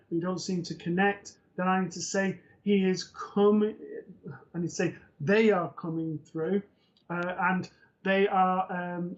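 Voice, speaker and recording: A man co-hosting a live psychic medium show, giving readings in a gentle, reassuring, unhurried way with soft hesitations. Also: high-pitched. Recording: dull lo-fi livestream audio.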